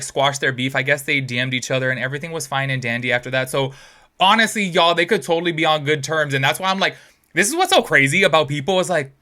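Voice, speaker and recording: A man hosting casual commentary, talking in a chatty, animated way and calling out to his viewers. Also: fairly high pitch. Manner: chatty, animated, heavy use of "like" and "y'all". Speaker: YouTube commentary host.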